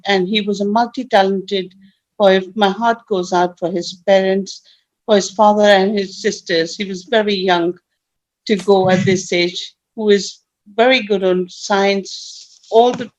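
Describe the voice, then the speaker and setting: A woman from London speaking earnestly and haltingly at an online rally as a group representative. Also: medium pitch. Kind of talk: impassioned public statement. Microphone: video call. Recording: muffled video-call audio.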